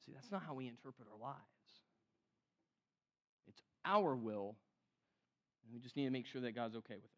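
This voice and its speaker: A man preaching a sermon in an animated, conversational way, acting out the quotes he cites. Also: medium pitch, moderate pace, pauses often, lo-fi sound. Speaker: pastor.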